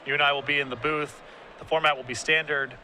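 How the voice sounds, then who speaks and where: A man provides color commentary on a live card game tournament, analyzing the decks and strategy. His voice sits a bit high for a man and sounds bright and clear. He works in dry humor alongside the analysis. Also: level tone, fast, a little hiss or hum.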